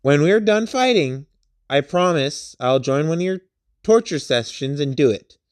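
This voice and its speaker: A man voicing a young male fighter who answers in a flat, matter-of-fact way. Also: on the high side, measured pace, clear, resonant tone, no echo, clean studio sound. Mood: placating. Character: calm young male fighter, dry and obliging.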